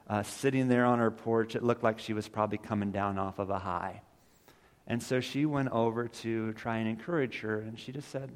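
A man preaching a sermon in a church, telling a story and building to emphatic peaks. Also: fairly low pitch. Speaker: pastor. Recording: reverberant hall.

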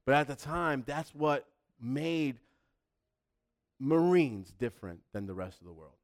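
A man's voice: medium pitch, animated, a little slow. A man preaching a sermon in a fervent, emphatic style, driving points home through repetition.

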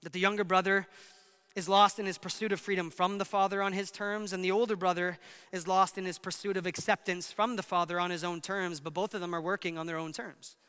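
A man preaching a sermon in a high, bright voice, pressing his points hard and then dropping to a hush. Long reverb carries every phrase through a big hall. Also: flat delivery, brisk, clear, resonant tone. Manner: emphatic preaching, swings between loud and hushed. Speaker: pastor.

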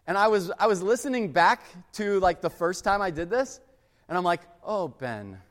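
A man's voice: high voice, brisk, fairly bright tone. A man preaching a casual, story-driven sermon, chatting loosely with plenty of "like" and acting out family scenes. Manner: chatty, uses "like" a lot, acts out family scenes. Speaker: pastor. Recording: long hall reverb.

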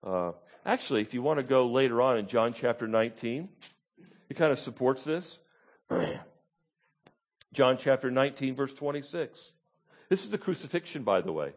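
A male pastor with a medium-pitched voice preaches a conversational Bible-teaching sermon, regularly checking in with his congregation by asking "Okay?" and "Amen?"

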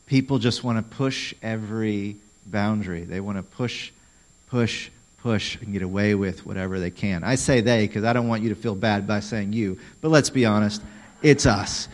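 A man's voice: on the low side, rough recording. Conversational male pastor preaching. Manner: conversational, emphatic, asks questions. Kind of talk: sermon.

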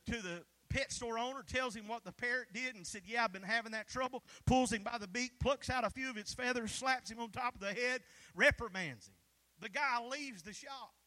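A male pastor preaching with a very high, bright voice. He drives a fervent sermon with call-and-response and shouts at the peaks, and his tone stays forceful and sharp throughout. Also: moderate pace.

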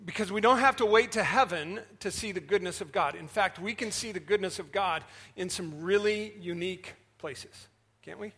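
Bright-voiced man preaching a sermon. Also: sits high, moderate pace, slightly rough. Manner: animated storytelling, swinging loud and soft. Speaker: senior pastor.

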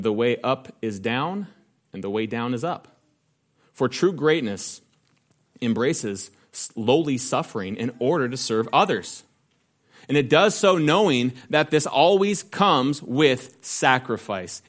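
A man preaching a sermon, asking rhetorical questions and slowing down to stress key phrases. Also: medium pitch. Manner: earnest preaching with rhetorical questions, slows for emphasis. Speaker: pastor.

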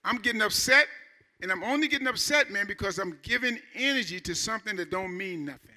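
Middle-aged male pastor, chatty preaching that climbs to shouts, high tense tone. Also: fast. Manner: animated, conversational preaching with rising shouts. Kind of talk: sermon.

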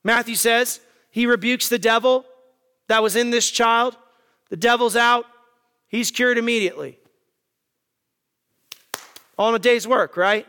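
Very high-voiced, emphatic male preacher. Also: steady tone, unhurried, pauses often, bright, forceful tone, clean tone, long reverb tail. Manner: emphatic, asks the congregation rhetorical questions. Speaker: pastor. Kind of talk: sermon.

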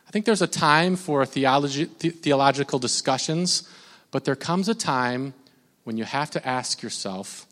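A man's voice: mid-range voice, moderate pace, fairly bright tone. A man from Minnesota preaching a sermon in a casual, conversational way, often repeating his words. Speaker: pastor. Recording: long hall reverb.

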